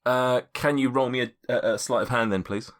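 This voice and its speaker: A man's voice: medium pitch, fairly even intonation, a little fast, a bit bright. A man acting as game master, narrating a tabletop game with lots of fillers and restarts. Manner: rambling, with many fillers and restarts.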